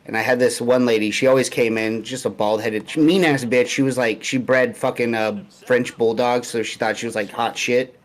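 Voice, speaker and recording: A young man speaks at an ordinary middle pitch on a laid-back podcast. His speech is loose and slangy, heavy with swearing and casual filler. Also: steady tone, normal speed, hardly any pauses. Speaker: podcast co-host. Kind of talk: casual profane chat.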